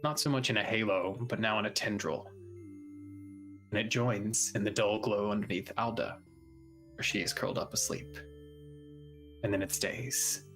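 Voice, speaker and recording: A man running a tabletop game as game master, pausing to check rules and then narrating a night scene slowly and atmospherically. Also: fairly low pitch, a bit bright, poor audio.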